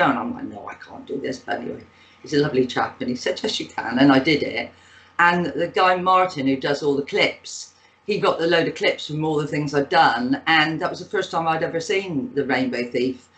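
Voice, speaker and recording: A woman's voice: sits low, fairly bright tone, poor audio. A woman in her sixties with a Bristol accent, telling rambling anecdotes as a guest in a casual interview, with plenty of fillers. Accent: Bristol English. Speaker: guest, actress and author.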